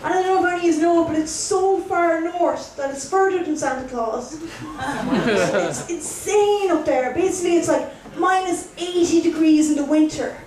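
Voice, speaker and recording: A woman's voice: high-pitched, a little mellow. A young Irish woman doing a stand-up routine, chatty and self-mocking, talking straight to the crowd. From Ireland. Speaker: stand-up comedian. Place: comedy club stage. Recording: roomy live gig from a distance.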